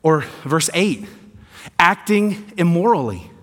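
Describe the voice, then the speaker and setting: Pastor preaching in a reverberant hall. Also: male voice, on the high side, sing-song, slow pace. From American South. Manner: swings from quiet emphasis to rising intensity, sarcastic asides. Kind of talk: sermon.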